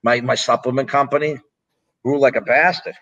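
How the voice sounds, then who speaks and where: A man's voice: medium pitch, fairly even intonation, moderate pace, bright, forceful tone, dull audio. Blunt, profane man in his sixties. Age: 60s. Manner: blunt, profane, rambling anecdotes. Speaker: interview guest, former strongman and pro wrestler. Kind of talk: casual storytelling interview.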